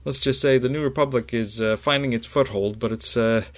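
A man narrating a tabletop game as game master, in a halting way full of fillers. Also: medium pitch.

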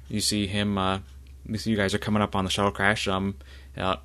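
A man narrating a tabletop game as game master, halting and full of fillers. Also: on the low side, completely flat delivery, fairly bright tone.

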